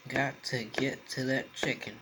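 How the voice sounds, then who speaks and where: Relaxed male vlogger, talks slow with his mouth full, steady AC hum behind. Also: mid-range voice, poor audio. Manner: slow eater. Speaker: mukbang vlogger. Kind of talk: casual eating vlog chat.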